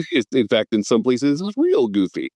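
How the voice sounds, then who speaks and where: A man's voice: medium pitch, wildly swooping pitch, normal speed, warm tone, no room sound. A man in his fifties chatting on a film podcast, eagerly rattling off names and credits with plenty of fillers. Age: 50s. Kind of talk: casual film podcast chat.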